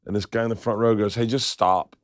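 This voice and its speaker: Animated middle-aged man spinning stories. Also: lowish voice, a little fast, no room sound, clean studio sound. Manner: animated, acts out quoted voices. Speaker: podcast host. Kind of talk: casual storytelling chat.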